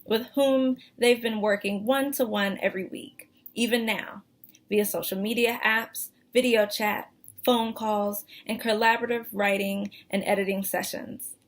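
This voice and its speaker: A woman hosting a virtual reading event from home, reading a measured, formal script. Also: on the high side, steady tone. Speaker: event host. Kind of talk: scripted introduction.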